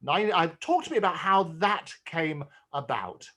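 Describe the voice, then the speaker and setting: An effusive male interviewer with a high voice. He chats warmly with his guest and often repeats words as he gets a sentence going. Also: big pitch swings, normal speed. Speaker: host. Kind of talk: interview chat.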